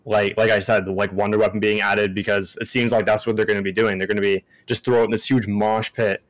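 A young man guesting on a casual gaming podcast, speaking relaxed with a slight lisp. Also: on the low side, brisk, no echo.

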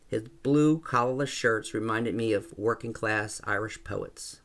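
A man reading a first-person story aloud in a calm, even way. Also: lowish voice, a little slow. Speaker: narrator.

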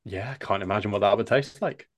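A man's voice: on the low side, fast talker. A man co-hosting a podcast, chatting in an easygoing, agreeable way. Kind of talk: casual chat.

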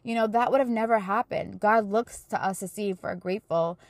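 A woman's voice: mid-range voice, a little fast, no room sound. Earnest woman in her thirties, dry sound. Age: 30s. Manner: earnest, chatty storytelling with lots of fillers. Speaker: podcast host. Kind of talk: casual faith talk.

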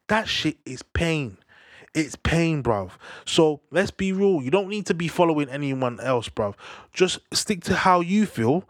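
A man's voice: medium pitch, no room sound, clean studio sound. Slangy young man ranting. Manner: animated, slangy, repeats "bruv" constantly. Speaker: football fan commentator. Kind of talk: casual rant to camera.

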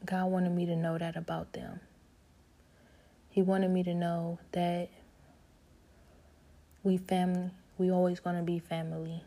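A woman telling a personal story in a casual, earnest way, with loose informal grammar, often dropping to a soft whisper. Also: on the low side, completely flat delivery, a little slow, vocal fry, pauses often.

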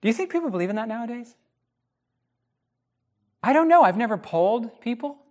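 A man teaching the Bible in a casual podcast chat, animated and emphatic, with frequent restarts. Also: very high-pitched, fairly quick.

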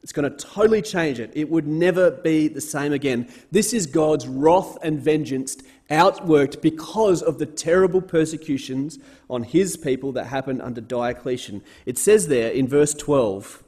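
A man delivers a sermon in an earnest, steady voice that sits a little high for a man. He leans on repeated words for emphasis. When he reads scripture aloud, his delivery rises in force. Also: moderate pace, breathy edge. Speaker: speaker giving a Bible talk.

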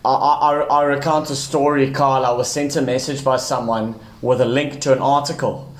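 Male podcast host, mid-pitch, stumbling starts, roomy sound. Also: steady tone, moderate pace. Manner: hesitant, repeats words when starting. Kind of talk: podcast conversation. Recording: roomy echo.

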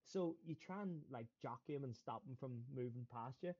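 A middle-aged man from Northern Ireland with a Belfast accent, a former footballer telling lively stories as a podcast guest, laughing often and acting out quotes. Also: mid-range voice, brisk, lo-fi sound. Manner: animated storyteller, laughs often, acts out quotes. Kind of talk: storytelling in a podcast interview.

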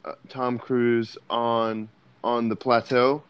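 Man, smooth voice, hesitant podcast co-host, dull dry recording. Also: mid-range voice, level tone, slow pace. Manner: hesitant, many restarts. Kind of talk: casual movie review chat.

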